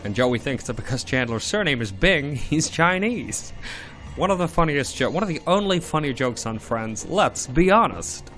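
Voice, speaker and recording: A man's voice: on the high side, big pitch swings, moderate pace, a bit bright. A man chatting casually and telling a rambling, joking story while streaming a game alone. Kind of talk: casual solo stream chat. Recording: game music playing behind.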